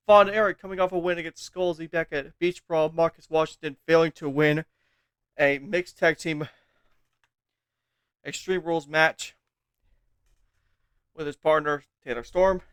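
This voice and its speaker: A man commentates on wrestling while he is out of breath, rambling casually and joking at his own expense. His voice sits a bit high. The recording is dry and close. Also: smooth, dry recording. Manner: rambling, self-mocking asides. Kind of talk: casual game-league commentary. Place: indoors at a desk chair.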